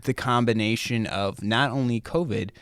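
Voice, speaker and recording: A man's voice: medium pitch, normal speed, fairly bright tone, clean tone, dry recording, studio quality. A young man from Minnesota, a guest musician, chatting openly and easygoingly, laughing often. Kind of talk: casual interview chat.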